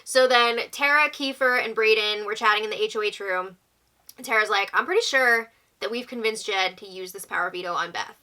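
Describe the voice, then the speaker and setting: A young woman hosting a casual recap, talking quickly and reacting with exclamations as she quotes people. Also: medium pitch, bright, forceful tone. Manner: chatty, exclaiming, quoting houseguests. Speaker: recap host. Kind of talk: casual reality-show recap.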